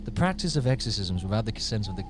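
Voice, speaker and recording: A man doing a grand, menacing masked villain, drawing out each word in a low, heavy put-on accent. The delivery is slow and theatrical, and a steady hiss sits under the recording.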